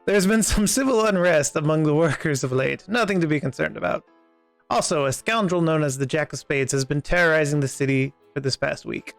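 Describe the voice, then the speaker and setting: A man reading a courteous male city guide's formal lines in a slow, stately way. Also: fairly high pitch, gravelly, dry recording, faint music behind.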